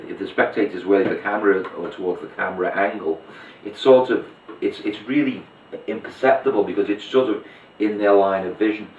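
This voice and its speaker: In this demonstration tutorial, a Liverpool man with a low voice walks through a card trick step by step, chatting as he handles the cards. The mic is distant in a spacious room, leaving the audio muffled and dull with a little hiss or hum.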